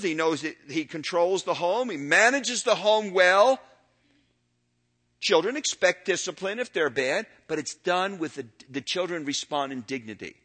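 Older man, pastor lecturing from the pulpit; bright, forceful tone, pitched a bit high, loud peaks and hushed drops. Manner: swings from loud emphatic peaks to low quiet asides. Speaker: pastor teaching elders. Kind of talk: sermon lecture.

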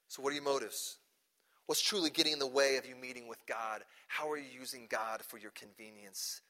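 A man preaching a sermon in a church, talking conversationally and swinging between loud emphatic lines and quiet asides. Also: mid-range voice. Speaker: pastor.

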